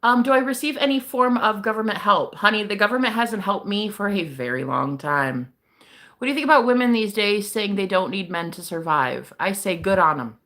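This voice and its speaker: A woman's voice: mid-range voice, animated, a little fast, a bit bright. A young woman hosting a casual livestream as a psychic reader. She chats with viewers, laughs often and swears casually.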